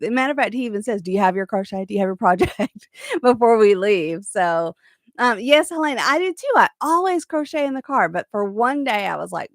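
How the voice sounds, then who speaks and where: A woman's voice: mid-range voice, dry recording, studio quality. A woman with a Southern US accent hosting a casual live-stream chat, reading viewer comments and telling stories with easy laughs. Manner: chatty storyteller who laughs easily. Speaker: host of a live crochet chat.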